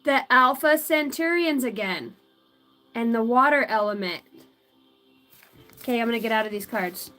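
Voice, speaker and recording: A woman's voice: fairly high pitch, animated, normal speed, long pauses, pushed and bright, faint music behind. A woman doing a live tarot and oracle card reading, giggling often, swearing freely and chatting in asides to her spirit guides.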